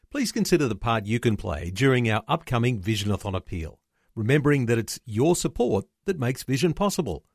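A man's voice: mid-range voice, vocal fry, darkish tone, dry recording, clean studio sound. A man with an Australian accent delivering an upbeat, inviting scripted appeal as a ministry chief executive. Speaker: ministry CEO.

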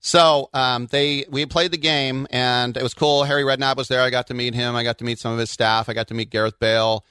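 A man from the Bay Area co-hosting a casual soccer podcast, telling quick anecdotes with lots of asides. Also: medium pitch, steady tone, sharp tone, clean tone, no room sound. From Bay Area, California. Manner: chatty storyteller, quick asides. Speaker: co-host.

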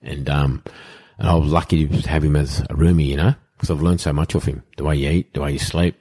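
A middle-aged Australian man telling animated anecdotes in a casual chat, acting out other people's lines and swearing casually. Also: very deep voice, brisk, husky. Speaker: guest, former rugby league player. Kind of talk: casual storytelling in a podcast chat.

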